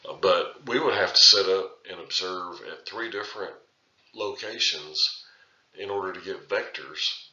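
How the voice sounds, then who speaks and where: A man's voice: low voice, unhurried, sharp tone, reverberant, dull audio. A man teaching a surveying lecture in a loose, conversational way, often restarting his sentences. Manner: conversational, with frequent restarts and filler phrases. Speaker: surveying instructor. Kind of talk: recorded lecture.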